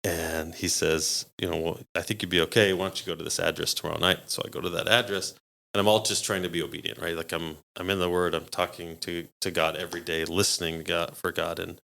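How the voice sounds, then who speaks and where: Man, very low voice, gravelly, casual storytelling, animated quotes. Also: fast talker. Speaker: podcast guest.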